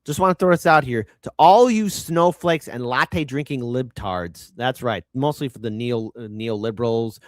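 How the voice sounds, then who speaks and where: A man hosting his own commentary show, ranting with crude sarcasm and mockery. His pitch swings widely as he talks, rising into shouted jabs. The sound is dry and close, with no room echo. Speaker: show host.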